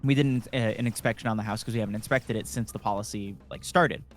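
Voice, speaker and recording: Faint music plays behind a man with a lowish voice who talks at a quick pace on a gaming stream. He casually rambles through a long work story, swearing frequently and using many fillers.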